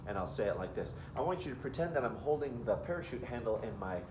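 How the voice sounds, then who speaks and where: A man explaining a classroom parachute activity, halting with many fillers and breaking into loud sung and called-out cues to demonstrate. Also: mid-range voice, expressive, background noise. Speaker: music teacher. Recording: roomy echo from a distance.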